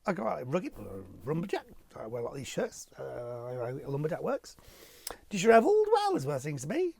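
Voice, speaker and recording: A man's voice: fairly high pitch, huge pitch swings, fairly quick, gravelly, darkish tone, slightly rough, no echo. A middle-aged man, a television property presenter, answering viewer questions in a casual, playful way and chuckling often. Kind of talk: casual chat.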